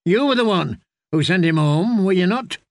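A man's voice: high-pitched, animated, normal speed, dry recording, studio quality, voice pushed up. A man voicing a resentful young nobleman grieving his father in an audiobook. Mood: bitter. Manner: accusing, resentful. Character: bitter, grieving young male noble heir.

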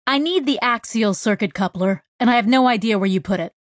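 A woman's voice: a little high, brisk, no echo, lightly acted. A woman reading a wry, exasperated young male crewmate in an audiobook, close to her own voice. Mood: casual. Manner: wry and incredulous.

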